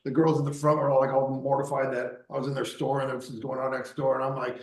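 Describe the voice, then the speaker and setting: A man's voice: mid-range voice, level tone, fast. A man in casual podcast conversation, telling stories in a rambling way, with many restarts and some swearing. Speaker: pickup coach and podcast guest. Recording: echoey room.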